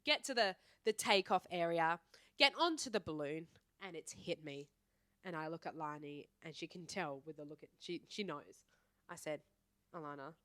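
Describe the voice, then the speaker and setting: A young woman, co-hosting a podcast in a playful, animated, storytelling chat. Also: on the low side, normal speed, no room sound, clean studio sound. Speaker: podcast co-host. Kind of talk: casual chat.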